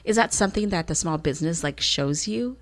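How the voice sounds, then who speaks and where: A woman's voice: lowish voice, expressive, a little fast. A woman in her thirties, co-hosting a radio podcast in casual chat, rambling with lots of fillers and restarts. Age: 30s. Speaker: podcast co-host.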